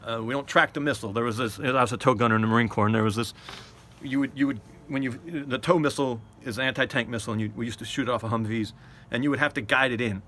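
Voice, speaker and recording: A man's voice: mid-range voice, fairly even intonation, rapid-fire, pushed and bright, slight background noise. A middle-aged American man giving an unscripted commentary monologue, often stumbling and repeating words, then rising to emphatic statements. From United States.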